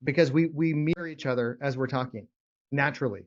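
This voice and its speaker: A man's voice: medium pitch, fairly quick, muffled recording. A man coaching real estate investors in casual, rambling talk, repeating words as he goes. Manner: rambling, repeats words, drops to whispers to demonstrate. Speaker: real estate trainer leading a call.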